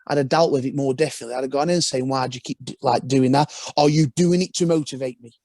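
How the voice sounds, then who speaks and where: A man's voice: mid-range voice, fast talker, a little mellow, no echo. A young man, a former footballer, talking casually as a podcast guest in a rambling storytelling way with frequent restarts.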